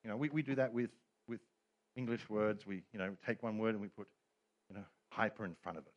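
A man's voice: fairly low pitch, fairly even intonation, fast talker, lo-fi sound. A middle-aged man preaching a sermon as pastor, telling stories with humor and quoted voices.

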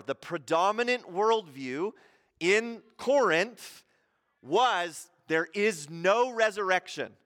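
Playful high-voiced male pastor preaching. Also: a bit bright, big-room sound. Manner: conversational, playful, full of rhetorical questions. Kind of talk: sermon. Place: church hall.

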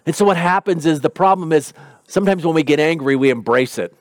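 A man's voice: fairly high pitch, fast, no echo, studio quality. A man preaching a sermon in an earnest, conversational way. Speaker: pastor.

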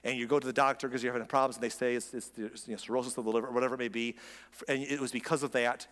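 A pastor with a mid-range, fairly bright voice delivers a sermon very fast yet in a steady tone. He preaches earnestly and conversationally in a reverberant hall, restarting his sentences often.

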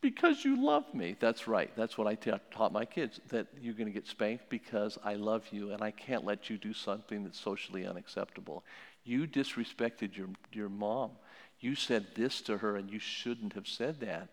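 Man giving a sermon-style talk, animated stories, keeps repeating his points, big echoey hall. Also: fairly low pitch, moderate pace. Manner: animated storytelling, repeats key phrases. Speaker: pastor teaching on parenting. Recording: long hall reverb.

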